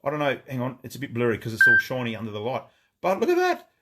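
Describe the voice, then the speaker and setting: A man hosting a live product showcase from a gun shop, excitable and rambling, swearing freely as he talks. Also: medium pitch, racing, very noisy. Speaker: gun shop owner and livestream host.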